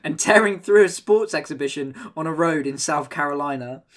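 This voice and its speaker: A man's voice: on the high side, a little fast, a bit bright. A man co-hosting a podcast, joking and teasing in casual chat. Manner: jokey, teasing. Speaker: podcast co-host.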